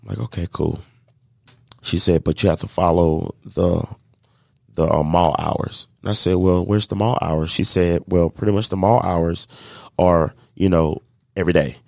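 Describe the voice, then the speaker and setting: A man telling a lively story of faith and business, acting out the voices of the people in it. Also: low-pitched, moderate pace, vocal fry, dry recording, clean studio sound. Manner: animated storyteller acting out dialogue, faith-filled. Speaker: guest, catering business owner. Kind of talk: storytelling in a podcast interview.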